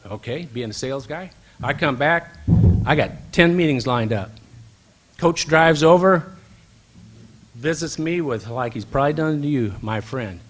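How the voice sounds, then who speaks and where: A man's voice: a little high, unhurried, pauses often. A man giving a speech at a banquet, telling an anecdote and acting out the dialogue. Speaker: banquet speaker. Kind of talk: storytelling speech. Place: event hall.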